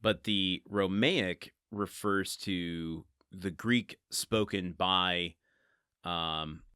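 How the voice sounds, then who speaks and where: Man, low voice, bright forceful tone, dry close mic, rambling podcast host. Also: extremely slow, clean tone, no echo. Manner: rambling, self-deprecating, laughs and thinks aloud. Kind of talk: casual book podcast commentary.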